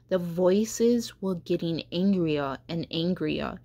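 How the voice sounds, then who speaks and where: Woman reading a kids storybook, slow and gentle, breathy voice. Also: medium pitch. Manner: gentle, unhurried read-aloud. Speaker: catechist reading aloud. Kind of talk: reading a children's storybook aloud.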